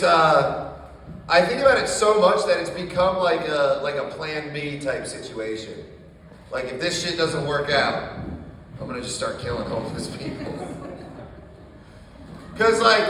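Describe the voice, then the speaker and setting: Guy doing deadpan dark standup at a small coffee shop, kinda high voice, sounds far off and echoey. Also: a little hiss or hum. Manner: deadpan dark jokes, swearing. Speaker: stand-up comedian. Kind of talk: stand-up set.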